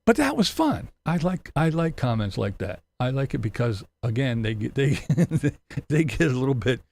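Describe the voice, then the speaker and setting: A man's voice: mid-range voice, big pitch swings, a little slow, creaky, pauses often, darkish tone. A man hosting a livestream commentary show, ranting in a sarcastic, mocking way, swearing freely and laughing often. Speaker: commentary channel host. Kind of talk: profane livestream rant.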